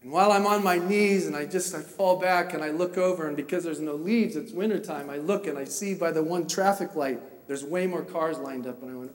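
Preacher guy, high voice, gets real fired up and shouty, big echoey hall far from the mic. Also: brisk, hardly any pauses. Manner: emotional, builds to impassioned shouting. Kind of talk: sermon with a personal story.

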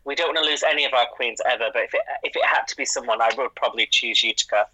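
Podcast guy chatting, jokey, swears a lot, super bright voice, dry close mic. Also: medium pitch, very fast, dry recording, rough recording. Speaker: podcast co-host. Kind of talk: casual podcast chat.

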